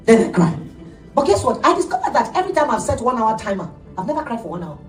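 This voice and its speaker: A middle-aged woman pastor preaching an animated sermon, laughing often as she tells stories. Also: a little high, fast talker, soft background music. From Nigeria. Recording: echoey room, heard from a distance.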